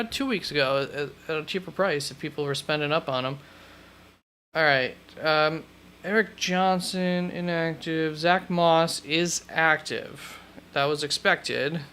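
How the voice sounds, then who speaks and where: A man's voice: a little high, pushed and bright, clean tone. A man hosting a live stream, chatting casually and thinking aloud as he answers questions, often correcting himself mid-thought. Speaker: fantasy football host.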